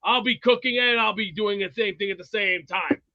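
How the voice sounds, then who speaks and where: A man with a strikingly high, bright voice throws out blustering insults and brags, often breaking into shouts. The sound is dry and a little dull, like a cheap mic. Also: fairly quick, no echo. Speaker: show regular. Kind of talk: brash trash-talking banter.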